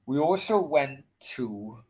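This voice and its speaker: A man's voice: mid-range voice, lively intonation, slow pace, a little mellow, husky. A man hosting a football live stream, telling a rambling anecdote and swearing constantly. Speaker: football channel host.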